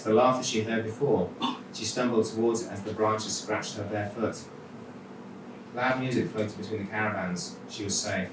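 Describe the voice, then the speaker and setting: Welsh man reading a story, echoey hall. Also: fairly low pitch. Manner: wry, conversational asides. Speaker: author reading his story. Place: live literature event venue. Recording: echoey hall, mic from far off, noisy.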